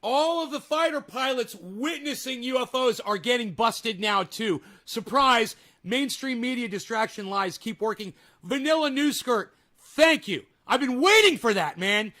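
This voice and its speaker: Guy streamer ranting and cussing at his chat, high bright voice, super mocking. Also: lively intonation, a little slow. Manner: angry, mocking, swears heavily, talks to chat. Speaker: streamer reacting to clips. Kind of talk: profane live-stream rant.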